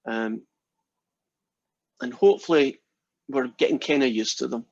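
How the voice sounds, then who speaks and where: Male instructor, easygoing raconteur, slightly husky, muffled close-miked lecture audio. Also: medium pitch, measured pace, no echo. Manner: chatty storyteller, jokes with class. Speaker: math instructor. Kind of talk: lecture with a told joke.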